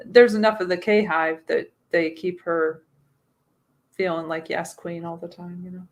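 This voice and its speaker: A woman's voice: lowish voice, flat delivery, unhurried. Giggly woman chatting on a stream. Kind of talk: casual chat.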